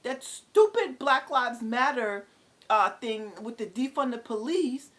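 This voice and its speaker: A middle-aged woman from New City, telling a story in an exasperated, halting vlog rant. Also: fairly high pitch. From New York City. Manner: animated, exasperated, halting with many fillers. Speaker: vlogger.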